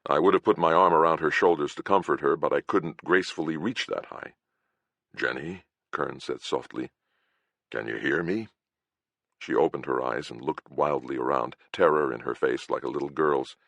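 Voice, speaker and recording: A man's voice: rumbling low, steady tone, brisk, hardly any pauses, fairly bright tone, dry recording. A man reading a fantasy detective novel aloud in a dry, wry first-person narration. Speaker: audiobook narrator.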